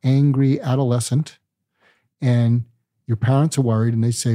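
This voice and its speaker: An older male psychiatrist, calm and deliberate, explaining ideas with medical analogies in an interview. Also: mid-range voice, dry recording, studio quality. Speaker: psychiatrist guest.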